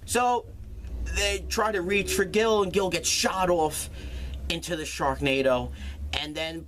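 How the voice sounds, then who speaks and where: A man's voice: on the high side, unhurried, fairly bright tone. A man recapping a film's plot in a casual, sarcastic way, swearing freely as he goes. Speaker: movie reviewer.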